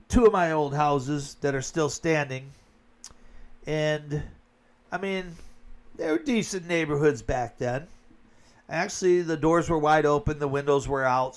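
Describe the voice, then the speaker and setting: A man from Flint, Michigan, giving a blunt, colloquial opinion monologue as a vlogger. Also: a little high.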